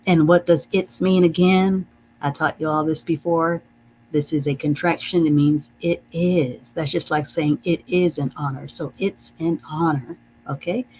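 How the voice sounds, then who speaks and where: Slow patient teacher on a live reading stream, drags out each phrase, faint hum behind. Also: medium pitch, steady tone, darkish tone, poor audio. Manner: repeats phrases slowly and carefully, says "okay?" often; chuckles often.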